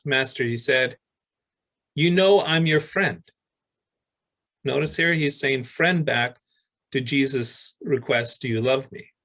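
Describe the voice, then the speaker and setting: A male pastor preaching a sermon, reading scripture aloud with pauses and restarts. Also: fairly high pitch, fairly bright tone, rough recording.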